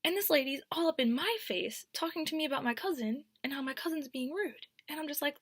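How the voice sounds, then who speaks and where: Young female vlogger, storytime, bright and crisp up close, dynamic with whispered asides. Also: sits high, fast, hardly any pauses, no echo. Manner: animated, swings from whispers to near-shouts. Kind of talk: storytime vlog.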